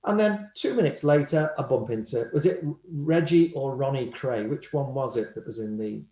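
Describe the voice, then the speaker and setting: Man, animated anecdotal storyteller, roomy echoey sound. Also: mid-range voice, moderate pace. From Liverpool, England. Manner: animated storyteller, acts out quoted voices. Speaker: guest, hypnotherapist.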